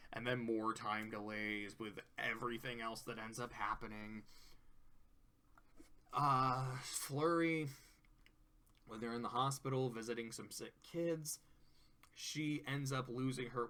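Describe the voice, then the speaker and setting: A man's voice: mid-range voice, sharp tone. A man casually reviewing cartoon episodes, rambling, laughing often and swearing.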